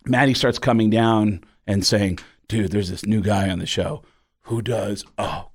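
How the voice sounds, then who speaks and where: A man, a comedian, telling a story in a casual interview and acting out the people in it. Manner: animated storyteller, jumps into high excited voices for quoted people. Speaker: comedian guest.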